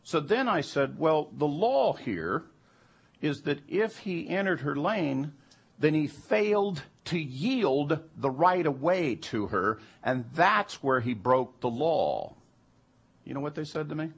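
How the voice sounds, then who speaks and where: A man's voice: on the high side, very animated, slow, husky. A man telling a personal anecdote in an emphatic way that turns heated and incredulous. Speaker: storyteller recounting jury duty.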